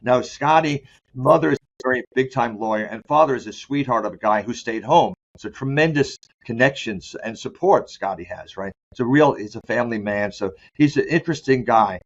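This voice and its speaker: This is a man in a candid interview, speaking as a sport psychologist. He rambles from point to point, restarts his sentences and slows down to stress the words that matter. His voice sits at a middle pitch, and the recording sounds dull and lo-fi.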